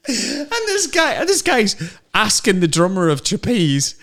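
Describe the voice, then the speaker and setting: A middle-aged man co-hosting a podcast, telling animated anecdotes in casual chat. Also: sits high, measured pace. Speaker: podcast co-host.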